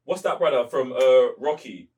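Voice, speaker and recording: A man's voice: medium pitch, moderate pace, darkish tone, distant mic. Emphatic man, bruv-heavy. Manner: emphatic, slangy, says "bruv" a lot. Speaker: movie reviewer. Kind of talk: casual chat.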